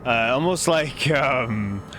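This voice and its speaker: A man in a mid-range voice running a tabletop role-playing session as game master. He narrates loosely and chattily, with lots of filler words. His voice sits at an ordinary mid pitch throughout. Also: expressive, takes it slowly, a bit bright, a little hiss or hum.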